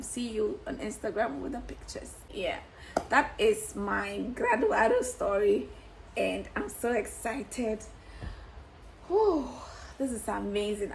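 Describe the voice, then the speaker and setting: Young woman, vlogger, gravelly fry in her voice, chatty and candid, laughs a lot. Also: mid-range voice, slight background noise, low-quality recording. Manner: exuberant, candid, laughs often, swears casually. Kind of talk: casual to-camera vlog.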